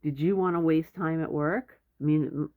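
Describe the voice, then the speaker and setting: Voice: mid-range voice, normal speed. A speaker giving blunt, rambling advice in a casual monologue, often stopping mid-sentence to restart. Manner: rambling, self-interrupting, blunt. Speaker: advice vlogger. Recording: tinny phone-like audio.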